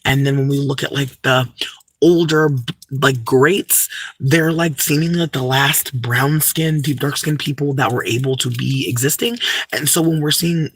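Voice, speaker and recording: A man's voice: medium pitch, fairly even intonation, moderate pace, a bit bright, breathy edge, no echo. A young man talking casually to a livestream chat, ranting emphatically with lots of swearing and restarts. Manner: profane, emphatic, many fillers and restarts.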